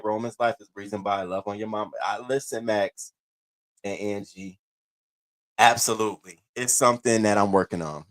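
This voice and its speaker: A man in his thirties hosting a casual live stream, candid and profane, swinging between laughing and heavy moments. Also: lowish voice. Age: 30s.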